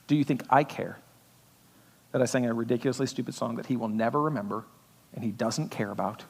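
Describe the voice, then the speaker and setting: A man preaching a sermon as pastor in a church, talking conversationally and building to loud intensity. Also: medium pitch, vocal fry, husky, big-room sound. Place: church auditorium.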